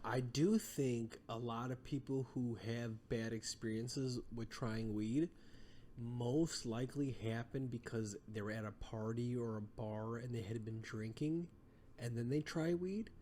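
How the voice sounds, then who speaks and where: A man's voice: medium pitch, fairly even intonation, a little slow, a little mellow, a little hiss or hum. A man as a podcast guest, telling long rambling stories in casual chat, full of fillers. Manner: rambling storytelling with many fillers.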